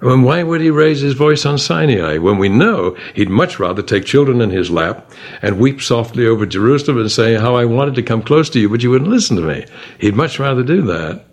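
Lively-voiced man leading a Bible class. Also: medium pitch, a little fast. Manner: animated, full of rhetorical questions. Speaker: Bible study leader. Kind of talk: discussion-led Bible class.

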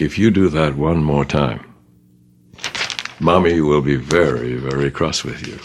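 An older man from England, an author and teacher, leading a gentle conversational Bible discussion. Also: a bass voice, a little hiss or hum.

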